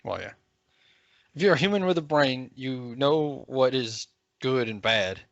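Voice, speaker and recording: A man's voice: mid-range voice, lively intonation, measured pace, creaky, fairly bright tone, dry recording. A man co-hosting a casual podcast chat, rambling with fillers and crude swearing. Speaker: podcast co-host. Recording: dry, dull podcast mic.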